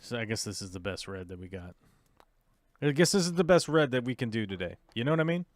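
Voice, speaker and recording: A man hosting a casual livestream podcast, muttering and complaining to himself while he struggles with software, talking to his viewers. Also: medium pitch, very animated, quick pace, no echo. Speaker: podcast host.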